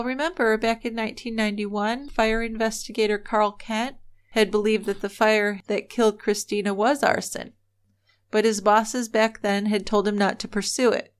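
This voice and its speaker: A woman with a clear, resonant, fairly high voice co-hosts a true-crime podcast. Her casual storytelling of the case is earnest and opinionated.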